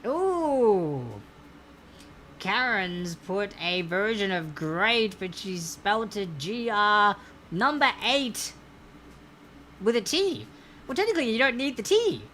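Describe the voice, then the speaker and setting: A woman's voice: medium pitch, animated, slow, fairly bright tone, slight background noise. A woman hosting a live-streamed trivia quiz, chatty and playful, laughing often and reading questions to players.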